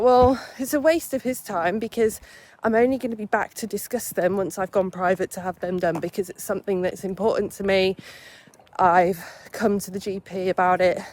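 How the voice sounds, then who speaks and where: Chatty woman vlogger from England. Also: mid-range voice. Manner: chatty, swears freely, animated retelling. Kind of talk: casual vlog chat.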